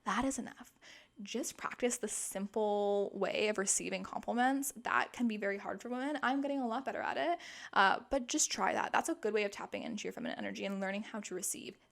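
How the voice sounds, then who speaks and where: Chatty young woman with a gravelly edge. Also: medium pitch, brisk, a bit bright. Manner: chatty, upbeat, lots of fillers. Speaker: podcast host. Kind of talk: casual self-help podcast monologue.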